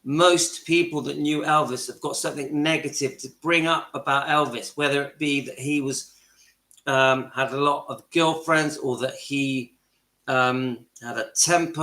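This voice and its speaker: His voice is a little high, pushed and bright, held at a steady tone and measured pace. The middle-aged host delivers an impassioned monologue for his own channel from his kitchen and lounge, repeating phrases for emphasis amid reverberation.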